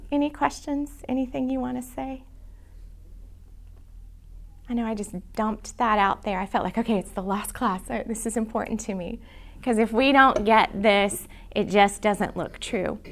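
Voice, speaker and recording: Her voice is a little high and gravelly: a middle-aged woman earnestly and emotionally teaching a church prayer class. When quoting prayers, she sinks into soft whispers.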